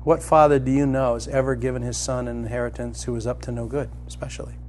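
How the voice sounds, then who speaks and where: A middle-aged man preaching a sermon as a pastor, telling a personal story and climbing to loud, excited emphasis. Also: medium pitch, fast talker, slight background noise.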